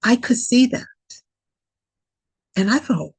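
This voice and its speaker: Slow, gravelly-voiced woman podcast host. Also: on the low side, a little mellow, no echo, rough recording. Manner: earnest and repetitive, dwelling on key phrases. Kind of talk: reflective spiritual monologue.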